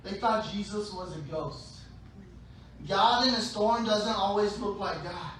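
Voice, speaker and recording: A man's voice: high voice, unhurried. Playful male pastor in an echoey hall. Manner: playful, acts out scenes with shouted voices. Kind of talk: sermon. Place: large church hall. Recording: echoey hall, distant mic, faint noise.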